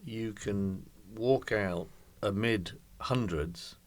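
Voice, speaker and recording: A man's voice: lowish voice, drawn-out words. A man in his sixties, a guest in a conversational interview, telling anecdotes in a reflective way.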